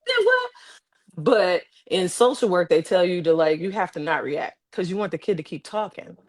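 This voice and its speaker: A woman with an Ohio accent, telling stories on a podcast in a fairly low voice, recorded dry and close. She talks casually and animatedly and acts out the voices of the people in her stories. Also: fairly quick, darkish tone, no echo. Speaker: podcast guest, former social worker. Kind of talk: casual storytelling. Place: podcast studio.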